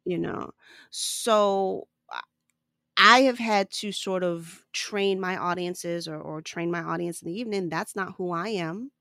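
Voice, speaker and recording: A woman stand-up comedian, a guest on a podcast, telling stories in an animated way and laughing often. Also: lowish voice, a little slow, vocal fry, no echo, studio quality. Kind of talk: conversational podcast interview.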